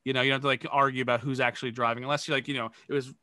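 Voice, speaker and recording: A man's voice: medium pitch, level tone, rapid-fire, sharp tone, dry recording, clean studio sound. A man on a podcast, coaching improv in a rambling, casual way with lots of fillers.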